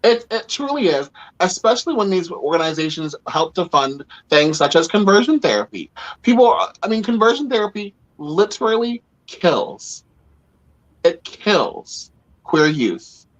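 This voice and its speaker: An earnest podcast host talks through a casual panel chat in a mid-pitched voice. Speech is emphatic and full of fillers. The recording sounds a little dull and lo-fi. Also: sing-song, normal speed. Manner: earnest, emphatic, frequent "like" and "you know".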